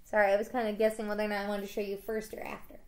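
A woman's voice: medium pitch, completely flat delivery, rapid-fire, darkish tone, slight background noise. A woman teacher reading a children's book aloud in a casual storytelling way, with small slips.

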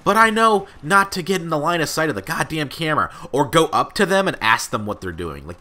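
A man's voice: mid-range voice, pushed and bright. A young man rambling through casual gameplay commentary, swearing often and filling his talk with "like" and "uh". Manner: rambling and profane, heavy with fillers. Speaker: gaming channel host.

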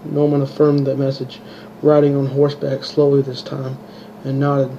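A man reading his own fantasy story aloud, halting and restarting words, in a dull lo-fi home recording. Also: medium pitch, completely flat delivery, warm tone, a little hiss or hum. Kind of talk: amateur audiobook reading.

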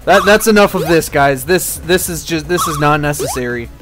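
A man casually commenting on his gameplay, rambling and excitable, swearing at enemies. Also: a little high, moderate pace. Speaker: gaming channel host. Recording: faint game music behind. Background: game music.

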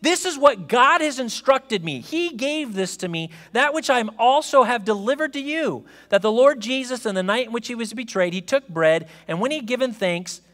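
High-voiced man preaching in a church. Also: animated, normal speed, hardly any pauses, a bit bright. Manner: conversational preaching with frequent "okay?" check-ins; rising to emphatic proclamation. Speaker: pastor. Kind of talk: sermon. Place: church sanctuary. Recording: long reverb of a church hall.

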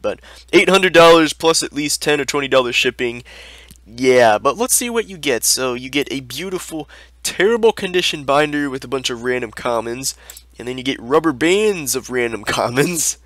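A man's voice: mid-range voice, lively intonation, brisk, a bit bright, no room sound. A young man giving sarcastic, exasperated commentary as a video host, ranting over screen listings. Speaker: YouTube host reviewing card listings.

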